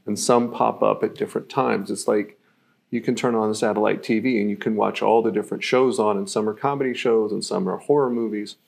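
A man's voice: fairly low pitch, fairly even intonation, fairly quick, gravelly, darkish tone. A man giving a live-streamed self-mastery teaching talk, reflective and explaining through everyday examples, with many fillers.

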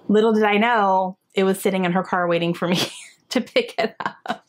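A young adult woman in casual, excited chat as she unwraps gifts for her book vlog. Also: mid-range voice, moderate pace. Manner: excited and chatty, gasping and laughing often. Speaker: book vlogger.

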